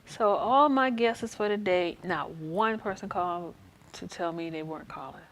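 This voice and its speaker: A woman's voice: fairly low pitch, moderate pace, a bit bright. A woman hosting a casual live stream, chatting frankly and answering questions from her viewers. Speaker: host.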